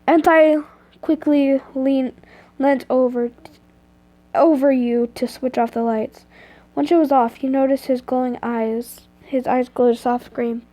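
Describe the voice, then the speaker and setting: Sex: woman. Style: reading a story aloud. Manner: stumbling, self-correcting, slow. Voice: high and mellow. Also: fairly even intonation. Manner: stumbles and corrects herself often. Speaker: reader of fan fiction.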